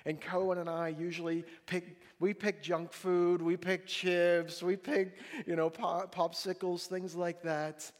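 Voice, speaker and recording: A man preaching a sermon as a pastor, telling a family story in an animated, jokey way and acting out the dialogue. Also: high-pitched, a little slow, few pauses. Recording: long reverb of a large hall.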